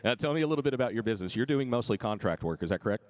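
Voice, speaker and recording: A man's voice: mid-range voice, lively intonation, very fast, a little mellow. A man interviewing contestants at a live event stage, upbeat and chatty.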